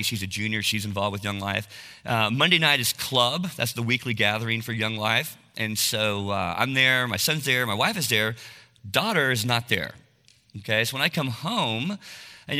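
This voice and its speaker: A man in his forties speaks with earnest, confessional candor, often asking his listeners "all right?". His voice is very bright and forceful. A long hall reverb trails behind each phrase. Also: mid-range voice. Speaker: speaker at a men's talk. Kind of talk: sermon-style talk.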